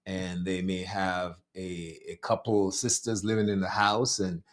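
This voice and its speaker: A man from Jamaica with a lingering Jamaican accent and a somewhat low voice, speaking as an interview guest. He lays out his ideas slowly and thoughtfully. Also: little pitch movement. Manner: thoughtful, measured explanation. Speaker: guest, life coach. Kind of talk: conversational interview.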